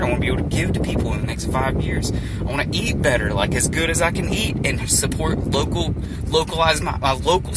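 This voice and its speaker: A man speaking to his live viewers from a phone in an emotional, rambling monologue, earnest and repetitive, often saying "dude". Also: medium pitch. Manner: rambling, earnest, repeats himself, says dude. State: emotionally overwhelmed. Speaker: streamer talking to live viewers. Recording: clear background noise, vehicle sounds.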